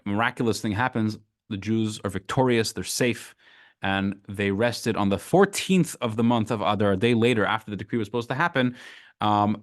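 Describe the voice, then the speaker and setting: A rabbi teaching a Torah class, telling a story with acted voices in a casual manner. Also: male voice, fairly low pitch. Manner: casual, with fillers.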